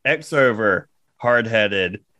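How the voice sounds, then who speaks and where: This young man from Georgia co-hosts a podcast, spinning a crude story in casual banter with plenty of laughter. His fairly low voice is bright and forceful with lively intonation, he takes his time, and there's no room sound.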